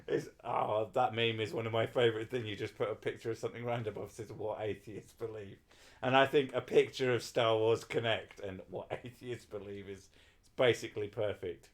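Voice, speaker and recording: A man's voice: fairly low pitch, fairly even intonation, normal speed. A man chatting casually on a livestream, rambling and swearing while he talks to his viewers. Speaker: streamer.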